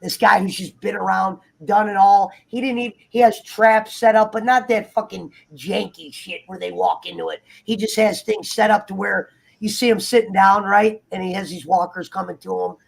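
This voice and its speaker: A man in casual, heated chat, swearing freely and acting out characters in quick asides. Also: sits high, gravelly. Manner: profane, animated, acts out characters in quick asides. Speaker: guest on a TV review talk show.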